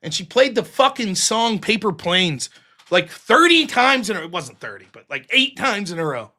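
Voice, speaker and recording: A man's voice: sits high, sing-song, normal speed, bright, forceful tone. A man hosting a live stream, ranting in a heated, profane, sarcastic way and mocking others in put-on voices. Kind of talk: ranting commentary.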